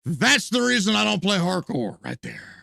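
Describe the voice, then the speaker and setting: A man's voice: sits high, wildly swooping pitch, moderate pace, gravelly, pushed and bright, dry recording, clean studio sound. A man streaming a video game, ranting with heavy profanity and bursts of laughter as he comments live.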